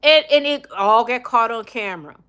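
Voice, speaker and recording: A woman's voice: on the high side, lively intonation, normal speed, fairly bright tone, smooth. A middle-aged woman hosting a casual opinion livestream, blunt and emphatic, reading viewer comments. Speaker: livestream host.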